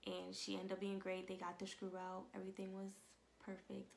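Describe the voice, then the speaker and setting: Emotional young woman, gravelly and soft. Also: medium pitch, level tone, normal speed, few pauses, slight background noise. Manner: casual, emotional, drops into soft whispers. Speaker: vlogger. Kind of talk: emotional personal testimony. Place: home.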